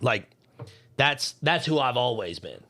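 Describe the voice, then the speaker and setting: A man's voice: medium pitch, animated, measured pace, sharp tone. A young man co-hosting a podcast, telling a heated, profane story about hating Valentine's Day. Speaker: podcast co-host. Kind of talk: heated casual podcast rant.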